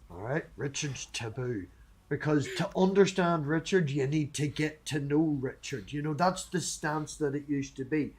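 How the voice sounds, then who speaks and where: A man's voice: fairly high pitch, moderate pace, darkish tone, slightly rough. Blunt, sweary man. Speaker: stream host. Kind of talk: casual livestream chat.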